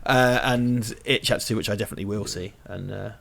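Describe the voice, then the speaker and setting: A man's voice: fairly low pitch, steady tone, fairly quick, vocal fry, a bit bright. Jokey male host, casual film chat. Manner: jokey, sweary, rambling. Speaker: podcast host. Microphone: lavalier.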